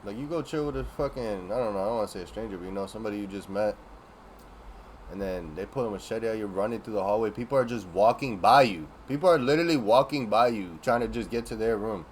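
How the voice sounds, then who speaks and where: A man's voice: fairly low pitch, quick pace, a little hiss or hum. A man streaming live, reacting to a true-crime clip with blunt, profane commentary.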